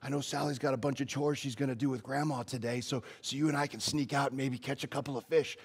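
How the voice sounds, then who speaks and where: A man voicing a friendly grandfather who quietly invites his grandson fishing, in a sermon story. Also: medium pitch, steady tone, quick pace, slightly rough, lightly acted. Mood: sneaky.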